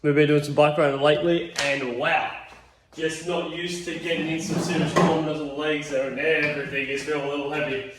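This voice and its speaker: The recording is very noisy and highly echoey, with the mic placed far away. A male fitness instructor with a voice on the high side, steady in tone and brisk, counts reps for a home exercise class, tired and yawning but chatty and encouraging.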